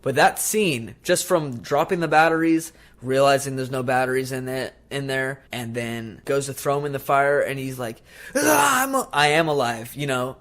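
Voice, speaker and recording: Male podcast co-host, mid-pitched, lively storyteller. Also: normal speed, hardly any pauses. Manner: animated retelling, acts out movie lines. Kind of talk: casual chat.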